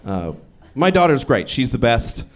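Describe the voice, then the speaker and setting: Deadpan young man doing stand-up. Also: mid-range voice, a little slow. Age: young adult. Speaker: stand-up comedian. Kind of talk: stand-up set. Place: comedy club stage.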